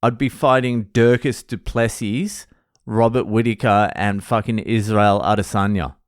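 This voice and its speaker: A man's voice: fairly low pitch, steady tone, a little slow, no room sound, clean studio sound. An Australian man hosting a solo podcast, rambling and self-mocking, with heavy swearing in casual talk. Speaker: podcast host.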